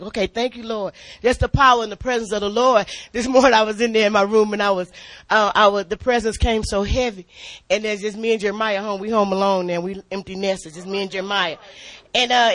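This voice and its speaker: A middle-aged woman preaching in a spirited, testimony-filled way, her voice forceful and bright. She talks with animated swings, laughs often and stumbles into repeated words as she builds up. Recorded close and dry, with no room sound. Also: mid-range voice, no echo. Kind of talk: spirited church testimony and sermon.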